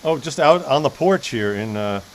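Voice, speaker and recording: A male comedian guest talking from an outdoor porch in heavy rain, deadpan and fussy in his mock complaints. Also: medium pitch, moderate pace, rough recording. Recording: rain static noise outdoors.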